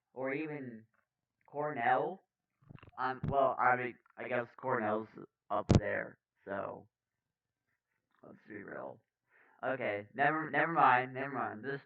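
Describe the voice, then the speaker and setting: A man's voice: mid-range voice, far from the mic, phone-quality sound. A man reading poll results aloud in a mock-formal way, breaking off into swearing and sarcastic asides as a political commentator.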